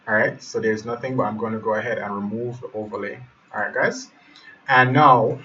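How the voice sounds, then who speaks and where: A man's voice: lowish voice, fairly bright tone. Man thinking aloud through a web build. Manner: thinks aloud, keeps addressing viewers as guys. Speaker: web design tutor. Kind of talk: live screen-share tutorial. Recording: muffled, distant mic with faint hiss.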